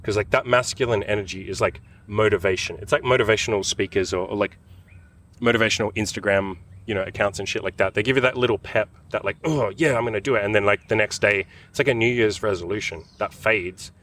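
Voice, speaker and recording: A man's voice: fairly low pitch, fairly even intonation, fairly bright tone. A man who is a dating coach, chatting casually and crudely outdoors in a park. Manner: crude, profane, fast-talking. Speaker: dating coach and podcast host. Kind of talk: casual chat. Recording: distant mic with outdoor ambience. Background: faint park ambience.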